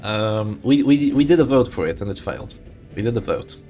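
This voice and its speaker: A man streaming a tournament and commentating live in a chatty, animated way, thinking aloud and restarting his sentences. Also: fairly low pitch, a little fast. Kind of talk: casual live game commentary.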